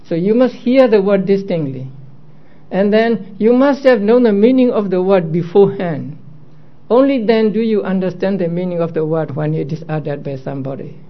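Male teacher, higher-pitched voice, unhurried step-by-step lecture, dull lo-fi sound. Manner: methodical, poses rhetorical questions. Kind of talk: slow explanatory lecture. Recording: dull lo-fi recording.

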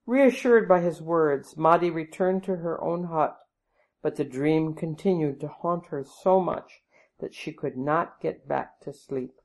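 Low-voiced woman reading a storybook. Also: measured pace, a little mellow. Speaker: narrator.

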